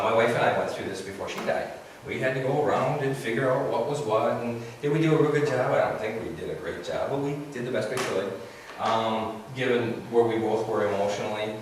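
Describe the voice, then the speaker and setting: A middle-aged man, a therapist, giving an earnest church seminar talk and acting out quoted voices in a raised pitch. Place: large echoing church hall. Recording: echoey room, distant mic, noisy.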